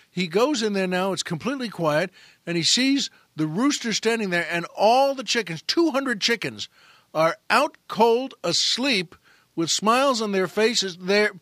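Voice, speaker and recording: A man hosting a comedy podcast, spinning a long shaggy-dog joke with animated restarts and asides to the audience. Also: sits high, no echo, studio quality. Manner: animated storyteller with frequent restarts. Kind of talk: telling a long comic joke.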